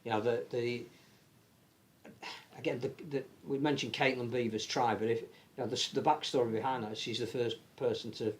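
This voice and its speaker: An English man with an animated manner, chatting casually as a rugby league podcast pundit and often restarting his sentences. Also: mid-range voice, a little fast. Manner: animated, many restarts and stammered repeats. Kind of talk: casual panel chat.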